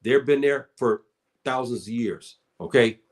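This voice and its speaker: A man's voice: mid-range voice, a little slow. A man giving casual spoken commentary, addressing listeners as brother and sister and often repeating his words.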